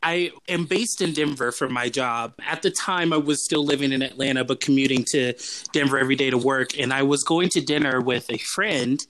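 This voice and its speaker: Bright-voiced man telling laughing anecdotes. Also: medium pitch, dry recording. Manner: laughing, lively anecdotes with fast asides. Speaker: podcast guest, camp alumnus. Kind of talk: casual storytelling chat.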